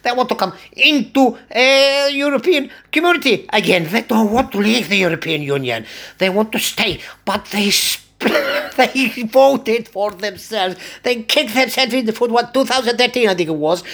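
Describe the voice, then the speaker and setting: A man's voice: sits high, animated, normal speed, fairly bright tone. An older man from Cyprus, a barber, chatting in a rambling monologue and chuckling often. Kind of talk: casual monologue.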